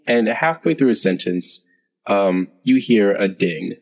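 A man narrating as game master of a tabletop game, hesitant and unhurried with many fillers. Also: on the low side, lively intonation. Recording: long hall reverb.

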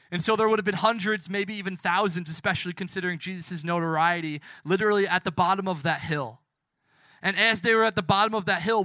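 Fervent young male preacher, bright voice. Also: sits high, no echo. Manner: passionate, swings between loud acted-out crowd shouts and hushed quotes. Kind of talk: sermon.

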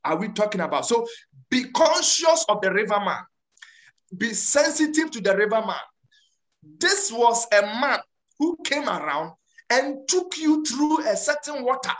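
Woman preacher, fairly high voice, emphatic and repetitive. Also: big pitch swings, unhurried. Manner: repetitive, emphatic, frequent restarts. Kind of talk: sermon.

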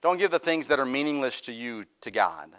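A man's voice: medium pitch, big pitch swings, brisk, fairly bright tone. A middle-aged male pastor preaching a sermon, reading scripture aloud and rising into fervent, raised preaching.

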